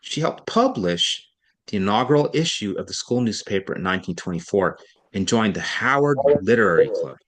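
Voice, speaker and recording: A male reading tutor with a fairly low voice, reading a passage aloud in a measured, deliberate way. He leans on key words and slows down to show a student where the emphasis goes, then breaks off to coach. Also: lively intonation, fairly bright tone.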